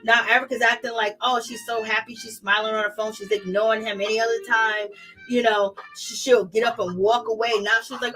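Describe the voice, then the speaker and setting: A young woman talks through reality TV drama in a chatty, sassy gossip style. Her voice is bright and slightly high. She laughs easily, and faint music plays underneath. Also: level tone, a little fast, low-quality recording. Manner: chatty, sassy, laughs often, quotes people in mock voices. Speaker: reality TV recap host. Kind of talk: casual gossip commentary.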